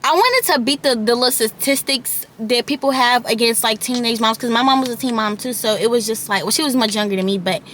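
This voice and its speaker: A young woman of eighteen tells a long storytime to her viewers in a slightly high voice. She talks casually and rambles, filling her speech with "like" and "y'all". Her camera mic picks up faint background noise. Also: fairly quick, few pauses, a bit bright. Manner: chatty, rambling, many "like" and "y'all" asides. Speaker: vlogger.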